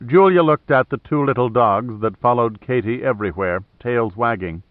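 A man narrating an audiobook in a steady, measured way. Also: medium pitch, dry recording. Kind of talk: scripted narration. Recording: thin phone-like dry audio.

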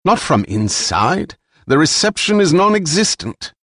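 A man's voice: on the high side, sing-song, a little slow, a bit bright, no room sound, studio quality, voice pushed up, exaggerated voice. A male narrator voicing a stubborn, proud man who defies his captor. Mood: defiant. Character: defiant older male treasure seeker.

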